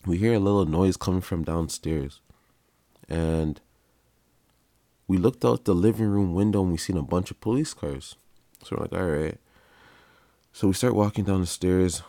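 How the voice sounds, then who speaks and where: A man's voice: deep voice, moderate pace, pauses often, dark tone, dry recording. A young man, hosting a podcast and telling stories in a laid-back, slangy way, laughing as he goes. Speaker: podcast host. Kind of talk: casual storytelling.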